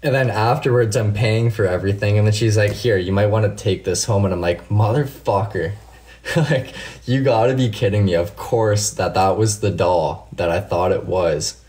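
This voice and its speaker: A man with a deep, low-pitched voice chats with his viewers on a late-night live stream. He swears freely and drifts through laid-back stories, answering comments by name as he goes. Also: moderate pace, darkish tone. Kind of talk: casual live stream chat.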